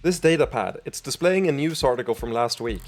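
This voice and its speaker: A man's voice: mid-range voice, animated, fairly quick, faint music behind. A man streaming a video game, chatting casually, swearing a lot and reading game text aloud.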